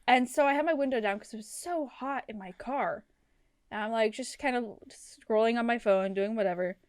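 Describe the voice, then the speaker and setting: Rambling young woman, slightly high voice. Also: normal speed, clear, resonant tone, no room sound, studio quality. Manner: rambling, many "like"s, deadpan asides. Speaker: podcast co-host. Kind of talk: casual chat.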